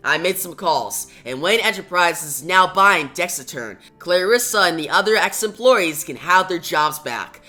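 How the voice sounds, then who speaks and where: Generous wealthy older man, read by a reviewer, quiet, measured. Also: medium pitch, animated, soft background music.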